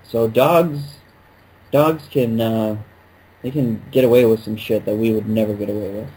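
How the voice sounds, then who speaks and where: Husky dude joking around on a podcast, casual and rambly. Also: male voice, fairly low pitch, fairly even intonation, moderate pace, darkish tone, rough recording. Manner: jokey, playful, rambling. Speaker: podcast co-host. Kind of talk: casual chat.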